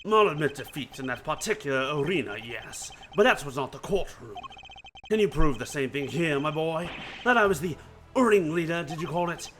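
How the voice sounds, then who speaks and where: A man's voice: on the high side, animated, normal speed, a bit bright, faint music behind. A man voicing a smug, scheming older male prosecutor who talks down to people in a mannered, condescending way.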